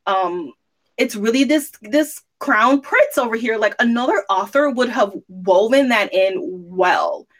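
A woman's voice: a little high, lively intonation, unhurried. A woman co-hosting a casual book review podcast, critical and explaining her view at length. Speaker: podcast co-host.

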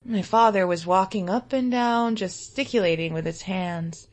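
A woman giving a dramatic reading of a classic short story, moving from loud cries to hushed whispers. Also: medium pitch, normal speed. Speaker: reader.

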